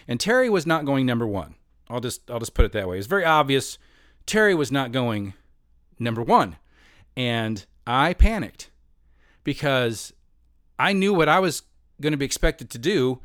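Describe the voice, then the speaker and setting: A man's voice: mid-range voice, no echo, clean studio sound. A man in his fifties telling a long personal story in a rambling, self-mocking way, often laughing as he talks.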